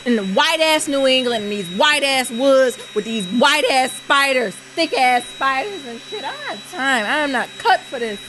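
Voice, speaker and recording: A woman's voice: high-pitched, expressive, moderate pace, hardly any pauses, bright, forceful tone, a little hiss or hum, low-quality recording. A woman co-hosting a podcast at home, shrieking and swearing in panic during casual chat. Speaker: podcast co-host.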